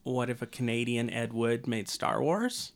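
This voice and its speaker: Slow, rambling podcast man. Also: mid-range voice, lively intonation, vocal fry. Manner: rambling, hesitant with many ums. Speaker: podcast co-host. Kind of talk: casual chat.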